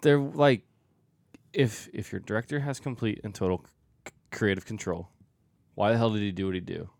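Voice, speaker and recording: A man's voice: lowish voice, normal speed, creaky, a little mellow, no echo. A man co-hosting a casual movie review podcast, blunt and casual in his opinions. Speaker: podcast co-host.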